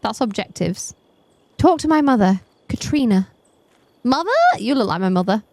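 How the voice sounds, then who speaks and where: A woman's voice: mid-range voice, animated, moderate pace, noisy background. A woman playing a murder mystery game as a streamer, chatting casually with a self-deprecating humor. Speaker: let's play streamer.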